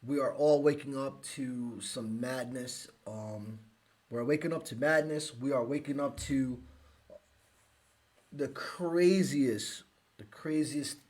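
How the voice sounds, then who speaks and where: A man from the United States hosting a live podcast, speaking emotionally with halting restarts and sighs. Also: medium pitch, a little mellow. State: emotional, close to tears. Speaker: podcast host.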